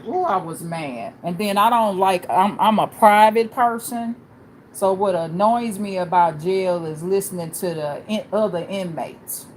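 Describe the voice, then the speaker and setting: A woman's voice: medium pitch, unhurried. A woman livestreaming, telling stories casually and bluntly, acting out the people she quotes. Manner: blunt, animated storyteller who acts out quoted people. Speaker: livestream host. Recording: echoey room with background noise.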